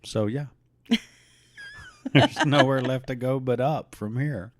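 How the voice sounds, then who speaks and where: A middle-aged man co-hosting a casual podcast, joking around in a playful, halting way. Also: medium pitch. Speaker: podcast co-host.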